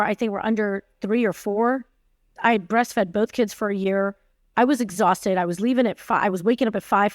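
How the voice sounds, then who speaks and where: This is a woman in her forties who runs a tech company, appearing as a podcast guest to tell candid stories with emphasis and acted-out dialogue. Her voice is medium in pitch. The studio-quality audio has no room sound.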